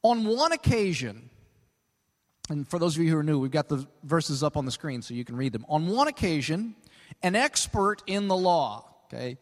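A middle-aged male pastor with a fairly high, very animated voice preaches a conversational sermon at normal speed, often checking in with "okay?" and stretching key words for emphasis. He's in a large church hall, and the recording carries a long hall reverb.

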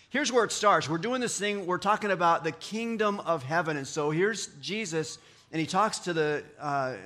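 Bright, lively male pastor preaching. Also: sits high. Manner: conversational, playful preaching with voiced quotes and asides. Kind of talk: sermon.

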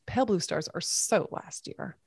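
A woman voicing a chatty, fashion-minded female pony in a storybook read-aloud, high and loud. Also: lively intonation, moderate pace, slightly rough, no room sound, studio quality, full character voice. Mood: breezy.

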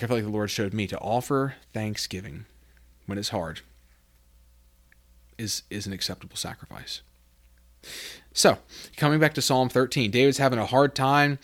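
A man's voice: mid-range voice, moderate pace, pauses often, fairly bright tone. Male podcast host, conversational devotional teacher, plenty of "I mean" restarts, builds emphasis on scripture passages. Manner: conversational, reads scripture aloud with rising emphasis; self-correcting, many fillers like "I mean".

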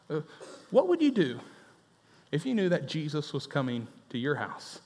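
A man's voice: fairly high pitch, sing-song, moderate pace. A man preaching a sermon as pastor, telling a story conversationally and acting out the dialogue. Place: church. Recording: echoey church hall.

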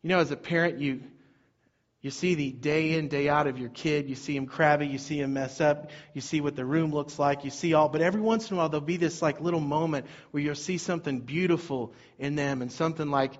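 Man, pastor, conversational sermon, slightly high voice, muffled lo-fi sound. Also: brisk. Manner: conversational preaching, rising and falling intensity.

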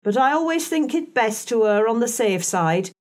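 A woman voicing a composed, guarded middle-aged servant in an audiobook, speaking calmly with a slightly pointed edge. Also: mid-range voice, normal speed, close to an everyday voice. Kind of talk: audiobook character reading.

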